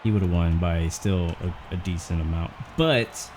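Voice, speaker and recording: A man hosting a gaming channel, talking out loud in casual gameplay commentary, out of breath and rambling as he works things through. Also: low voice, unhurried, slight background noise. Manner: chatty, thinking out loud, rambling.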